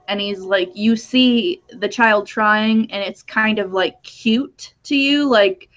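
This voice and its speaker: A woman chatting casually as a guest, rambling and halting, with lots of fillers. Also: medium pitch, fairly bright tone. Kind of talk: casual chat. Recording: dull lo-fi audio.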